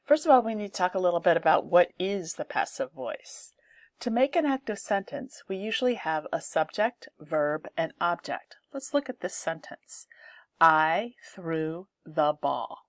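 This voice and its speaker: A woman's voice: lowish voice, big pitch swings, normal speed, darkish tone, no echo, clean studio sound. A woman teaching an English grammar lesson, explaining step by step and reading example sentences aloud.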